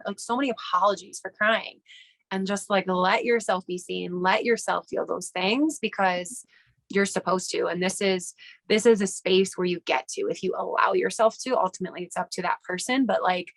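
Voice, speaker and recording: A woman's voice: mid-range voice, fairly quick, vocal fry, fairly bright tone. A woman hosting a podcast in casual conversation, reflective and fond of rhetorical questions. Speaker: podcast host.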